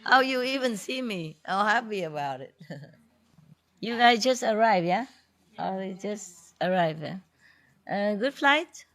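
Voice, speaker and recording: A woman's voice: medium pitch, animated, slow, a bit bright. A woman, a spiritual teacher, talking casually with her audience in a playful, teasing way and laughing often. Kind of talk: informal talk with an audience.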